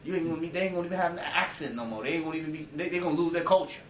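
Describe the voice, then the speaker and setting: A man's voice: on the high side, racing, recorded from a distance, slight background noise. Emphatic man lecturing in an echoey room. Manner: emphatic and profane, with rhetorical questions. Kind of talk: informal lecture. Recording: roomy echo, voice away from the mic.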